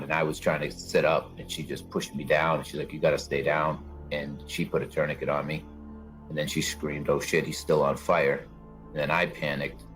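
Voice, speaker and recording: Guy with a super low voice, just talking through what happened, bit of music under it. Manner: plain, conversational storytelling. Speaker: guest, bombing survivor. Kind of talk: personal account in an interview.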